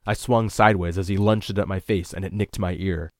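A man narrating a tense first-person story in a measured, scripted reading. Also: deep voice, fairly even intonation, no room sound, clean studio sound. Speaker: audiobook narrator.

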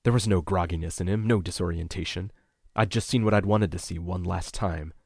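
Deep gravelly male audiobook narrator. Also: a little fast, no room sound, studio quality. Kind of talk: scripted first-person narration.

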